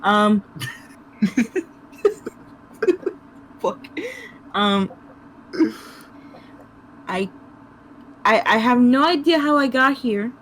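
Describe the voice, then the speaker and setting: A woman's voice: on the high side, drawn-out words, long pauses, fairly bright tone, a little hiss or hum, rough recording. A woman playing an awkward tiny shopkeeper. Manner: awkward and giggly.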